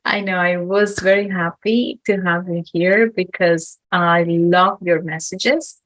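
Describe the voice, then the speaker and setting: A woman hosting a podcast, introducing her guest and asking questions, reading her introductions slowly and carefully. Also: fairly low pitch, fairly even intonation, a bit bright, no echo, rough recording. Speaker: podcast host.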